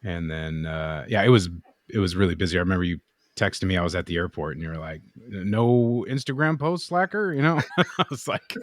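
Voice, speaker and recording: This deep-voiced man talks fast with lively intonation, recorded dry at studio quality. He's a knifemaker co-hosting a podcast, rambling casually through stories, swearing, and acting out what people said.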